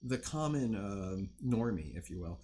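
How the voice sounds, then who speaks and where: A man's voice: fairly low pitch, lively intonation, a little slow, warm tone, a little hiss or hum. Rambling, swearing young man streamer. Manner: rambling, profane, lots of fillers. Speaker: livestream host. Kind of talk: casual chat with stream viewers.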